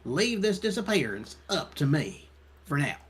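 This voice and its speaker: A man's voice: on the high side, sing-song, a little slow, slightly rough, full character voice. A man putting on a stern British police chief. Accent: British (put on). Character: stern gruff male police chief, cigar-chewing.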